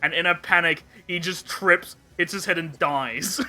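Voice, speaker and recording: A man's voice: a little high, a little slow, sharp tone, faint music behind. A young man hosting a casual podcast, animatedly retelling scenes with jokes and swearing. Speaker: podcast host.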